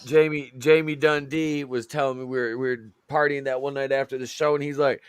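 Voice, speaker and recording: A man co-hosting a podcast, joking loudly and swearing a lot in casual chat. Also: mid-range voice, little pitch movement, fairly quick, clean tone. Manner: loud, profane joking. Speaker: podcast co-host.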